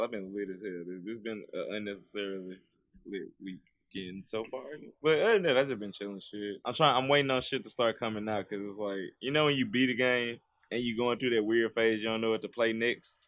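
A man co-hosting a podcast, talking in casual chat with a loud, joking, profane manner. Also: on the low side, brisk, dry recording. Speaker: podcast co-host.

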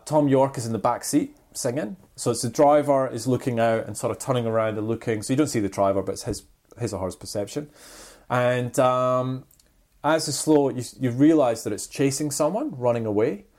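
A podcast co-host telling a rambling story in casual chat, with sound effects and quick restarts. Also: mid-range voice.

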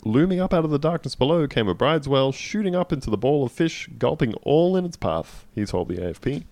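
A man's voice: on the high side, expressive, a little fast, darkish tone, no room sound. A man co-hosting a casual comedy podcast, reading out news stories with jokey asides. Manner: reads news aloud with jokey asides and laughs.

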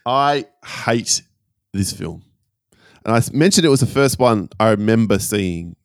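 A man co-hosting a casual podcast chat, quick to laugh. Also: on the low side, lively intonation, dry recording, studio quality. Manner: laughing, exclamatory. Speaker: podcast co-host.

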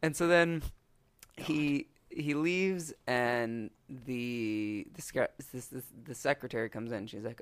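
A man on a podcast, rambling through a long joke and acting out the characters in quick quoted voices. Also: medium pitch, clean tone, dry recording. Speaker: podcast co-host. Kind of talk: casual chat, retelling a movie and a joke. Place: podcast recording setup.

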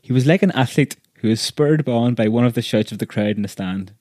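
A man reads a story aloud in a measured, vivid way, his voice of ordinary pitch. The recording is dry and close, with no room sound. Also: a little mellow, dry recording. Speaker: narrator.

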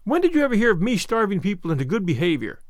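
A stern spinster from a storybook, as voiced by a man, scolding in crisp, reproving tones. The voice sits fairly high and lively, close to the mic in a dry room. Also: a little fast, no room sound. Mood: indignant. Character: stern, dry middle-aged spinster woman.

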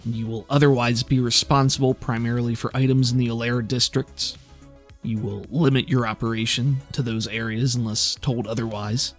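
A man voicing a brisk, commanding female official with mantis legs, giving curt, businesslike orders. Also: medium pitch, steady tone, faint music behind, lightly acted. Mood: formal.

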